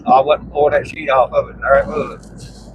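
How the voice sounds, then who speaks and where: A man's voice: medium pitch, flat delivery, brisk, noisy background. A man, telling rambling, salty stories in a casual chat and laughing at his own tales. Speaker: storyteller in conversation. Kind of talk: casual storytelling. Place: inside a moving vehicle.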